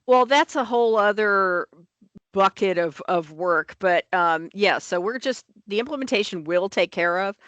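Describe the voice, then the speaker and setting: A woman's voice: mid-range voice, animated, measured pace, a bit bright, no echo. A woman on licensing office staff, talking through rule changes at a board meeting in an emphatic, plain-spoken way.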